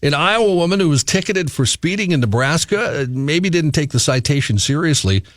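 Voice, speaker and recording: Lively radio man reading news notes. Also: a little high, brisk, no echo, studio quality. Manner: amused, laughs through stories. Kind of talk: news reading mixed with chat.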